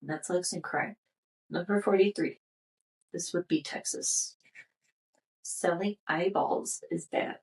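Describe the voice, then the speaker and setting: A lower-pitched woman chats casually on a podcast, reading out strange facts and tossing in wry jokes. She sits a little back from the microphone, so her voice sounds slightly distant. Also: slow pace, pauses often. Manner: reads facts aloud with joking asides. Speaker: podcast co-host. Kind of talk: casual chat reading out weird laws.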